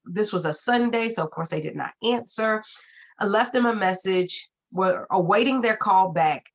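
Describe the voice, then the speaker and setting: A woman speaks earnestly to an online audience, telling a story from her own life and repeating key phrases for weight. Her pitch sits in an ordinary middle range. The sound is slightly muffled and lo-fi, like a video call. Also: moderate pace. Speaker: keynote speaker. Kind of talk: personal story in a keynote talk. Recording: muffled lo-fi audio.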